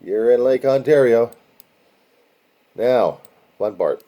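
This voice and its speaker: A man hosts a casual video, rambling as he walks viewers through a map, dropping profane asides and listing places in a chant-like way. He speaks slowly in a mid-range, warm voice.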